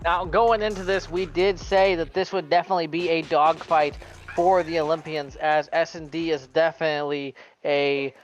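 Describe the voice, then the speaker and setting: Chatty male co-caster, slightly high. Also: level tone, normal speed, soft background music. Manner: conversational, answers viewers. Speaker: esports co-caster. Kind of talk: color commentary.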